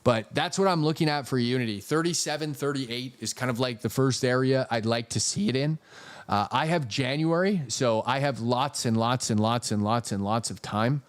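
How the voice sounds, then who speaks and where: A man's voice: medium pitch, moderate pace. Profane, chatty man analyzing stock charts. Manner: profane, jokey, reads super chats aloud. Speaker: stock trading streamer. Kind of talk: casual live-stream market commentary.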